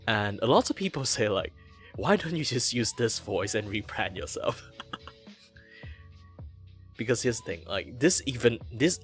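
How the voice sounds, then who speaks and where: Malaysian man shifting his pitch a lot. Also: fairly bright tone. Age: 30s. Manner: keeps shifting his pitch from low to high to show off voices. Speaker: VTuber guest or co-host. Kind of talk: casual chat.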